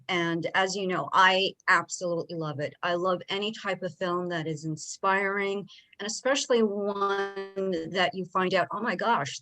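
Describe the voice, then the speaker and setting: A woman's voice: on the low side, pushed and bright, rough recording. A woman in her forties moderating a video-call interview, asking questions in an upbeat, friendly way.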